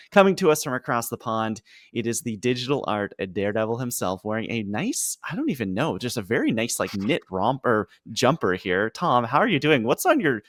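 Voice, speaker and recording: A man's voice: fairly low pitch, a bit bright, no echo, studio quality. A man hosting a gaming podcast with friends, introducing guests in a playful, upbeat way. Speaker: podcast host. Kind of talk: casual podcast chat.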